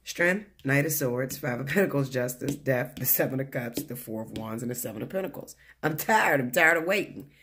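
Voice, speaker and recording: A man's voice: mid-range voice, lively intonation, moderate pace, hardly any pauses, pushed and bright, a little hiss or hum. Blunt, foul-mouthed male tarot reader. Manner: blunt, profane and chatty, laughs often. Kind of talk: casual weekly tarot reading. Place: living room at home.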